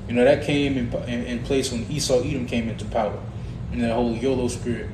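A man's voice: mid-range voice, flat delivery, fast. A man in a Bible study group earnestly explaining his point and reading verses aloud. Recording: distant, echoey, noisy recording.

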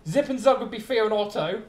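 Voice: medium pitch, expressive, brisk, a little mellow, roomy sound. A streamer trading jokes with friends during a train game, laughing often. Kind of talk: casual gaming banter.

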